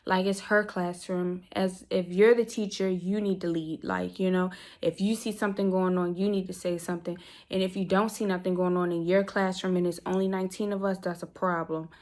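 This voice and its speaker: A woman's voice: on the low side, level tone, fairly quick, hardly any pauses, a little mellow. A young woman in a casual storytime vlog, talking straight to her viewers in an emphatic, slangy way. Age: young adult. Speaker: vlogger.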